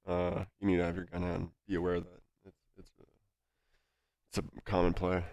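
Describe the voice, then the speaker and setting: A man coaching a player through a game review, talking calmly with plenty of fillers, his nose stuffy. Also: sits low, fairly quick, gravelly, dull audio, background noise. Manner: calm, instructive, with many fillers.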